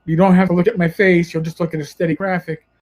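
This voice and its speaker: A man's voice: sits high, little pitch movement, fast, poor audio. A man with a New York accent hosting a podcast, chatting in a rambling, self-correcting way. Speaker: podcast host. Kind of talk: casual podcast chat.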